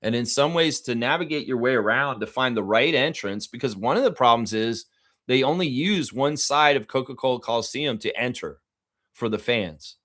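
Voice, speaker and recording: A man's voice: medium pitch, lively intonation, normal speed, a bit bright. A man with a profane, heated manner, hosting a live reaction stream and reading out viewer comments. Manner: reads viewer comments aloud.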